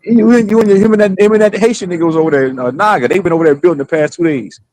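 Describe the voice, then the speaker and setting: A man's voice: high voice, rapid-fire, a little mellow, no room sound. A man hosting a casual stream, telling a story with lots of profanity and quoted back-and-forth. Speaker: streamer, show host.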